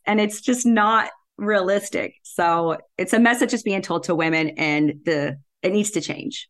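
A woman's voice: medium pitch, a little slow, hardly any pauses, fairly bright tone. A middle-aged woman talking bluntly and assertively in a casual interview, laughing often. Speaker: podcast guest, real estate investor.

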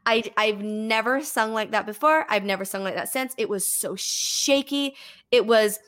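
A woman's voice: medium pitch, normal speed, fairly bright tone. A woman in her thirties, a singer and voice teacher, telling a story in a casual podcast chat and acting out what others said to her in shifting voices.

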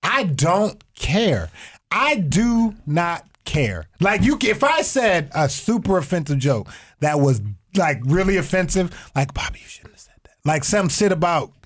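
A man's voice: high voice, sing-song, a little slow. A man, a comedian, talking emphatically and insistently in casual podcast banter. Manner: emphatic, talks over others.

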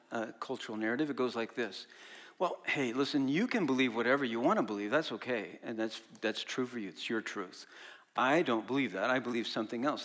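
A man's voice: medium pitch, a bit bright. A man preaching a sermon as a pastor, talking conversationally and quizzing his congregation. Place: church service.

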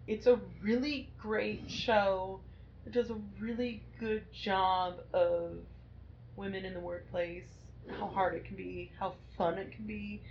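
A woman's voice: mid-range voice, fairly even intonation, takes it slowly. Young female co-host, upbeat and chatty, a bit sweary; muffled lo-fi mic. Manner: chatty, enthusiastic, swears casually. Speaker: podcast co-host. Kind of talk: casual chat. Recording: dull lo-fi sound with faint noise.

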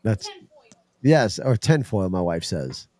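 A man's voice: on the low side, slow pace. A man hosting a casual group call, telling stories with lots of laughter. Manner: animated, laughing storyteller. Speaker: host.

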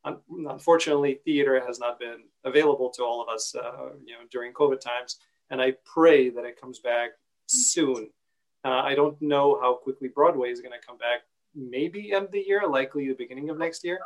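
A man hosting an interview, asking long rambling questions in an easygoing way with many pauses. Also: medium pitch, poor audio. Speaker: interviewer and actor.

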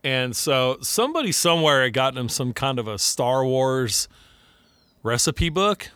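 A man telling lively, profane stories in casual chat, acting out quotes. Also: medium pitch, measured pace, clear, resonant tone, dry recording. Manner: animated, profane storytelling with acted-out quotes.

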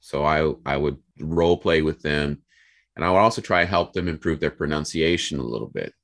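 A young American man telling a work story in a casual, animated way, acting out the people he quotes. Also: rumbling low, fairly quick. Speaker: guest.

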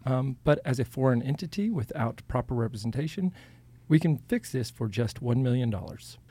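A man putting on the voice of a stern government tax agent, reading out infractions in flat official language. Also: medium pitch, brisk, slightly rough, dry recording. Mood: officious. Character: stern male IRS agent shaking down a visitor.

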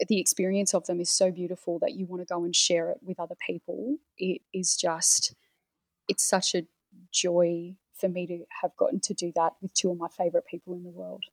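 A woman's voice: fairly low pitch, level tone, brisk, a little mellow, breathy edge, no echo, rough recording. A woman guest in a casual podcast chat, teary and talking in a heartfelt, rambling way.

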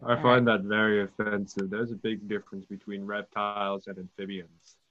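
Guy doing a huffy know-it-all lizard, low flat voice, muffled lo-fi sound. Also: moderate pace, close to an everyday voice. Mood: offended. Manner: huffy, lecturing.

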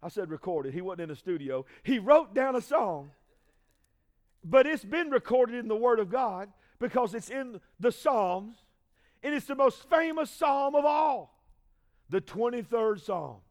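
A male pastor with a very high voice preaches a sermon packed with call-and-response, pressing the congregation for answers. He moves between shouted peaks and hushed, low asides, his intonation lively and his pace a little slow.

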